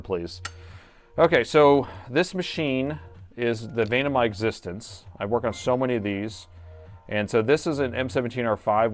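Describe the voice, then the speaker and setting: A middle-aged man with a slightly low voice talks through a repair on a live stream. He thinks aloud and drifts into easygoing asides to his viewers. Faint music plays behind him. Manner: casual, thinks aloud while working, chatty asides to viewers. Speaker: repair technician and stream host.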